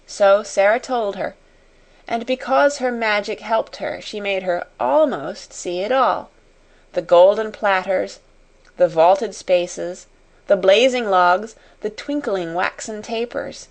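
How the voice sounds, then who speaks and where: Woman audiobook narrator, unhurried, measured delivery. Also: mid-range voice. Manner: slow, measured reading. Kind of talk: scripted narration.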